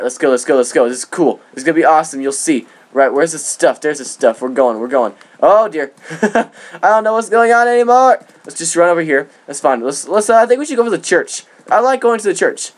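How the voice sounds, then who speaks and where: A man hosting his gaming channel, rambling through casual gameplay commentary with jokey boasts and excited outbursts. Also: on the high side. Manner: rambling with frequent restarts.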